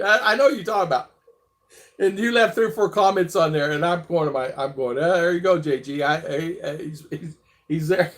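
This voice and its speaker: Chatty, rambling male vlog host on a live stream, slightly higher voice, reads viewer comments, laughs easily. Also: a little fast. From abroad, living in the Philippines. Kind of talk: casual live-stream chat.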